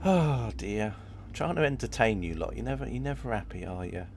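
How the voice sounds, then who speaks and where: A man talks through a game on a live stream, his low voice gravelly and full of fry. He rambles, chats easily with his viewers and keeps giggling at his own jokes. A faint hum of noise sits behind him. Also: lively intonation, a little fast. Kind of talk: live-streamed gameplay chat.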